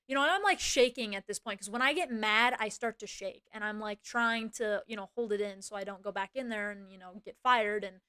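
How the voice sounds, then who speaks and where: A woman's voice: mid-range voice, clean tone, no echo, clean studio sound. A young woman streamer telling a work story to her chat in a casual, swear-heavy rant full of "like" and "you know", speeding up when she quotes herself. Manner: swears freely, many fillers like "like" and "you know"; animated, quick bursts when quoting herself.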